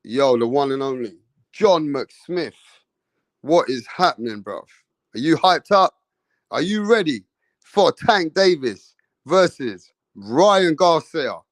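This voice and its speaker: A man's voice: a little high, big pitch swings, takes it slowly, no echo. Slangy man hosting a livestream. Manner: greets chat viewers by name, slangy. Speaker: boxing livestream host. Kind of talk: casual livestream chat.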